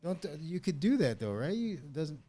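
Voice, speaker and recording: Rambling animated man, casual chat. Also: fairly high pitch, normal speed. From Marietta, Ohio. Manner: rambling, restarts often, swears.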